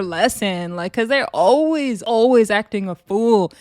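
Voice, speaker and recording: A woman recapping a reality show in casual commentary, chatty and sassy with lots of quick asides. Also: mid-range voice, lively intonation, a little mellow, no room sound, studio quality.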